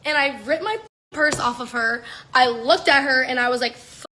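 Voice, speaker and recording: A young woman telling a story in an animated, casual way, swearing and saying "like" a lot. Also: sits high, normal speed, a little hiss or hum. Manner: animated, swearing, heavy use of "like".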